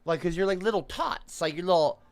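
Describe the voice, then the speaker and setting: A woman's voice: fairly low pitch, a little fast, darkish tone, no echo, soft background music. A woman livestreamer reading donation messages in casual chat, swinging from dry muttering to shrieking outbursts.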